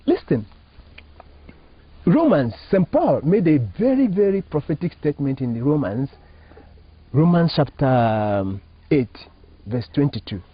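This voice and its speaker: Emphatic Nigerian priest, lively rising pitch. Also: male voice, measured pace, pauses often, slightly rough. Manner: emphatic, preacherly, rising and falling phrasing, asks rhetorical questions. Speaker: Catholic priest. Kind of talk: spiritual teaching in an interview. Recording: dull lo-fi dry recording.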